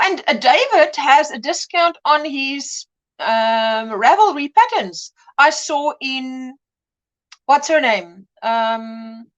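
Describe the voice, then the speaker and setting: A woman with a high, slightly bright voice hosts a casual livestream, chatting, reading viewer comments aloud, and laughing often. The sound is lo-fi.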